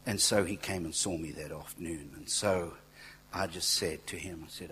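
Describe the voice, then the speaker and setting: A man preaching a sermon, telling stories in a conversational way, dropping to near-whispers and then rising to loud exclaiming, with asides to the congregation. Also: low-pitched, fairly even intonation, normal speed, a little hiss or hum, rough recording. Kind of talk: sermon with storytelling.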